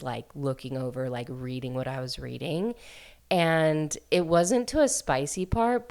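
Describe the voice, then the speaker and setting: A woman hosting a book podcast, chatting casually and enthusiastically about a romance novel, full of "like" fillers and quick asides. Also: lowish voice. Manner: chatty, filler-heavy, animated storytelling. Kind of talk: casual book review chat.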